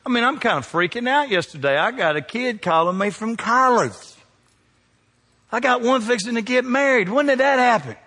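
A middle-aged man preaching a sermon, swinging from hushed to loud. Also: very high-pitched, expressive, moderate pace, long reverb tail. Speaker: pastor.

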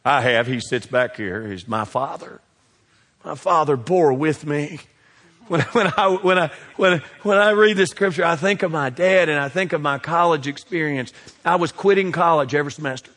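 A middle-aged man, preaching a sermon that swings between loud exhortation and hushed asides. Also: fairly high pitch, moderate pace, long reverb tail. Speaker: pastor.

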